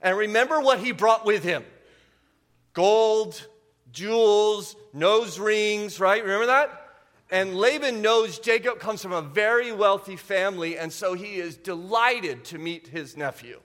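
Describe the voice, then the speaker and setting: A man in his forties preaching a humorous sermon to a church congregation, full of quick asides and repeated "okay?". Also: high voice, fairly bright tone. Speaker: pastor. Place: church sanctuary.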